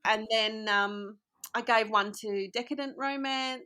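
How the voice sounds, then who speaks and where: An Australian woman from Australia, a guest author, talking in a relaxed, rambling way with many fillers. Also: on the high side, a little slow, clean tone. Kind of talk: casual interview chat.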